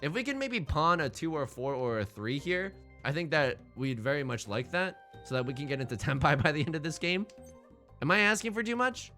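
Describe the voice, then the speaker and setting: A young man streaming a tile game, rambling and self-deprecating as he thinks out loud. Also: fairly high pitch, sing-song, a little fast, faint music behind. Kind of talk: casual game commentary.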